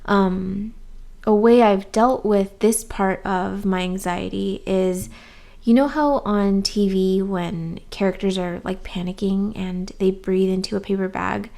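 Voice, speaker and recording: A woman's voice: medium pitch, fairly even intonation, unhurried, gravelly, dark tone. A young adult woman talking casually and candidly to her viewers as a YouTuber, with frequent ums and likes. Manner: candid and chatty, with many "um" and "like". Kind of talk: casual chat to camera.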